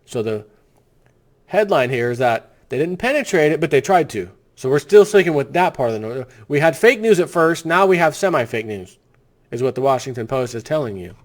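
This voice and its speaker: A man's voice: medium pitch, sing-song, fairly quick. A man hosting his own video, delivering ranting political commentary in a sarcastic, blunt, insulting way. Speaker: video host.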